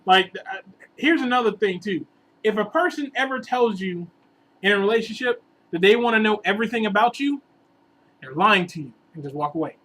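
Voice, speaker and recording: A man telling a long, rambling relationship story in a casual vlog, animated and sometimes bursting into exasperated outbursts. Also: high voice, fairly quick, rough recording. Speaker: vlogger giving relationship advice.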